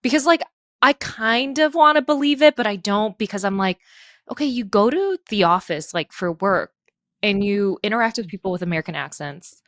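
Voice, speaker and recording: A woman's voice: medium pitch, moderate pace, dry recording, studio quality. A woman co-hosting a podcast in casual chat, telling stories with acted-out quotes. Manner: animated storyteller, acts out quotes, swears. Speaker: podcast co-host.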